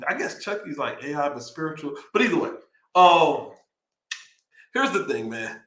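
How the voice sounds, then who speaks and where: A man hosting a live show, talking in a loose, rambling, excitable way. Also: on the high side, normal speed, roomy sound. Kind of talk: casual livestream talk. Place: home streaming setup near Austin, Texas.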